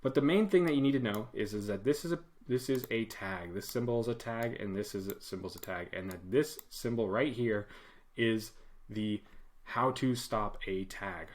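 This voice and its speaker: A man teaching web coding as an instructor in a casual screen-share lesson, animated and acting out commands in a loud put-on voice. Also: on the low side, normal speed.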